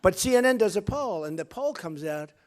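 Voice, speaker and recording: Fairly high-voiced male candidate, off-the-cuff rally speech, rambles, repeats himself, brags. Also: lively intonation, brisk. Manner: rambling, repetitive, boastful. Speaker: political candidate. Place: rally stage.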